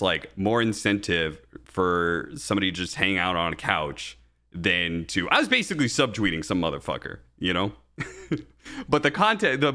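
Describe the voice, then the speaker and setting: A low-pitched man with a bright, forceful tone tells a rambling, profane story in a relaxed podcast chat. He talks like a working caster, animated and heated, piling on curses as he goes. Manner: profane, animated storytelling, rising when angry. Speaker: podcast co-host and esports caster.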